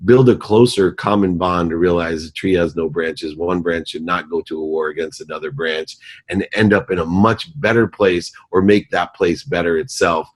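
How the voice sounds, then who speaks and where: A man with a very low, deep voice speaks as a podcast guest. He tells a life lesson in an earnest, emphatic, almost preacher-like way. He sounds like a driven executive in his forties. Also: steady tone, normal speed. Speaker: guest, company CEO. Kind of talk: motivational storytelling in a podcast interview.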